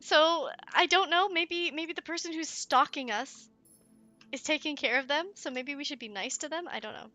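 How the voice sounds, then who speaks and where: High, bright, giggly woman gaming. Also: normal speed, faint music behind. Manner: excitable and giggly, gasping and cooing; chats to viewers and to in-game pets. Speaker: let's play streamer. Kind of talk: let's play commentary.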